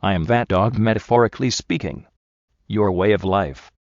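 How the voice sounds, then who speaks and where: A man voicing a smooth, menacing male motivational speaker who talks in a slow, persuasive, coaxing way. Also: lowish voice, dry recording, highs cut off, natural voice.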